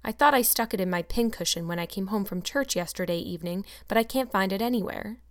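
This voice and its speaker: A woman's voice: medium pitch, fast talker, close to an everyday voice. A woman reading aloud and voicing a stern, strict older spinster in a storybook. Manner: stern, sharp.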